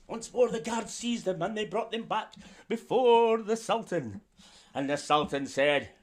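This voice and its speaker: A man's voice: sits high, very animated, a little slow. A man telling a story to children, theatrical and drawing the listeners in to join along. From Scotland. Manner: theatrical, asks the young audience to join in.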